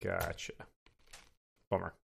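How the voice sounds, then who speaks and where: A man's voice: slow, fairly bright tone. A man playing a tabletop game, asking rules questions and cracking jokes. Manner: jokey, asks rules questions. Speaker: player.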